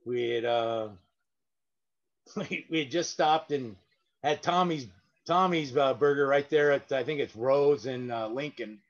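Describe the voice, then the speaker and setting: A man's voice: mid-range voice, measured pace. Rambling man telling tales, lo-fi. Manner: rambling, with frequent fillers and restarts. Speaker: guest, parking lot sweeper. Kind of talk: casual anecdotal storytelling.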